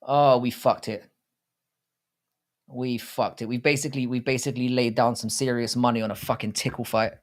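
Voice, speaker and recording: A mid-range, fairly evenly intoned voice at a moderate pace belongs to a man in his thirties hosting a watchalong stream. Talking casually to chat, he's profane, blunt, and rambling.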